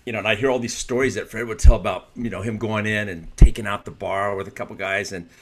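A middle-aged man with a fairly low voice who talks plainly and mocks himself with ease. His chat is loose and informal, and he swears casually as he goes. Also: fairly even intonation, quick pace. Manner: candid, self-mocking, swears casually. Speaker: martial arts instructor on a discussion panel.

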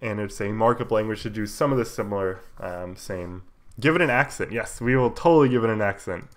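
A man with a cold, casually walking viewers through code on a live stream, relaxed and full of fillers, with keyboard typing behind him. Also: on the low side, fairly quick. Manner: relaxed, explains while typing, many fillers. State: has a cold, coughing. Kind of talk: casual live coding tutorial.

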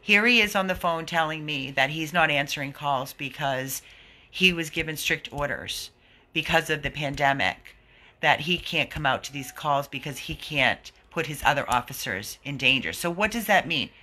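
A man's voice: on the high side, expressive, moderate pace, pushed and bright. A man who runs an animal rescue, giving an indignant, earnest video update to his followers.

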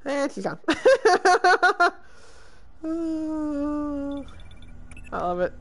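A woman streaming a role-playing game and commenting on it, excitable and quick to laugh and exclaim. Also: sits high. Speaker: let's play streamer. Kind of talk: gaming commentary.

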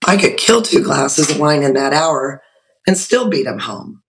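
A middle-aged woman appearing as a guest on a video call tells her own story with feeling, animated and emotional, acting out things she once said in a casual storytelling style. Her low-pitched voice is unhurried, and the low-quality recording has a little hiss or hum.

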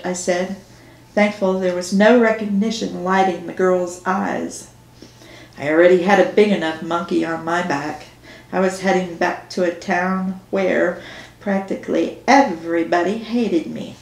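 A woman author reading her own novel aloud in first person, slow and measured. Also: fairly low pitch, a little mellow. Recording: echoey room.

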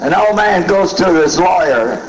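A comedian at a roast, telling dirty jokes briskly and acting out each character's voice. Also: male voice, sits high, expressive, background noise.

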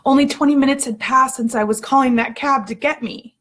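A woman in her thirties tells a personal story with a breathy, husky edge to her voice. Her pitch sits a little high, and she is candid and expressive, acting out her own outbursts as she goes. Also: a little fast.

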